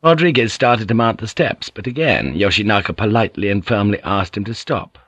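A man reads an audiobook novel aloud in a steady, measured way. His voice sits on the low side and is recorded dry and close, with no room sound. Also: no room sound, lo-fi sound. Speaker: audiobook narrator. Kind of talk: scripted narration.

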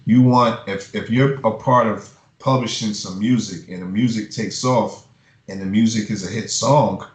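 A man's voice: fairly low pitch, moderate pace. A man who works as a music publisher, giving blunt, profane advice in a casual interview and ranting with heat. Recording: roomy echo.

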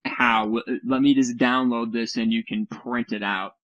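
A man's voice: medium pitch, steady tone, normal speed, fairly bright tone, no room sound, lo-fi sound. A man co-hosting a casual chat over a voice call, sarcastic and mocking, swearing now and then. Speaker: podcast co-host. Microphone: computer mic on a voice call.

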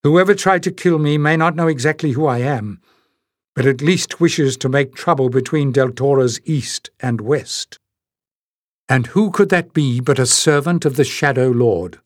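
A man's voice: medium pitch, measured pace, dry recording, clean studio sound, voice pushed up, natural voice. A man reading aloud, voicing a brave and earnest young woman in a storybook. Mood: firm.

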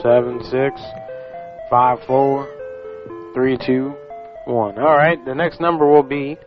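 A man hosting prank calls in a cheeky, goofy, deadpan way. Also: mid-range voice, slow. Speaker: prank show host. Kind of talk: casual chat. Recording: dull lo-fi sound with music.

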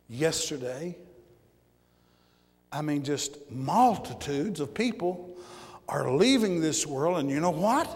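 A man preaching a fiery sermon, repeating words and rising into shouts. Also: fairly high pitch. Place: church. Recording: church hall with long reverb.

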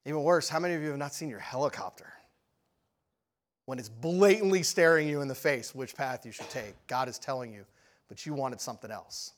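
A man preaching a sermon, telling a story with lively energy and often asking the audience questions. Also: medium pitch, brisk.

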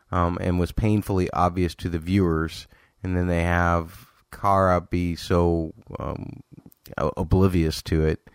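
Male podcast host, very low voice, chatty review, close dry mic. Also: a little mellow, no room sound. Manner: chatty, self-correcting, exasperated asides. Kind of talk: casual TV episode review.

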